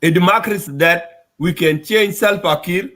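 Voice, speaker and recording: A man's voice: high voice, moderate pace, bright, forceful tone. A man from Sudan, giving an upset, emphatic address to his community and repeating his points. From South Sudan. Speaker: community speaker.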